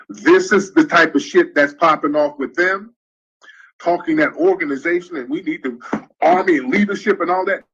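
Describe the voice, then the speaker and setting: A man hosting a livestream, ranting in heated, profane, animated commentary. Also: fairly high pitch, breathy edge, dull audio. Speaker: livestream host.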